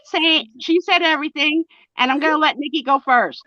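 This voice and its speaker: A woman hosting a live sale show, chatting on a video call in a playful, animated way, teasing her guests and acting out their lines. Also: high-pitched, fairly quick, no room sound. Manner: animated, playful roasting, acts out what others say. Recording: dull lo-fi call audio.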